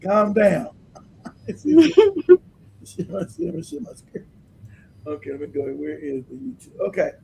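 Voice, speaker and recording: A man hosting a livestream, delivering emphatic, animated commentary and laughing often as he talks. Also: high voice, unhurried, creaky, pauses often. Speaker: livestream host.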